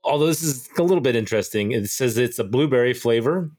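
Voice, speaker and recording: A man co-hosting a casual podcast, tasting and describing a drink in a deadpan, playful way. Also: medium pitch, quick pace. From United States. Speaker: podcast co-host. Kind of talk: casual chat, product tasting.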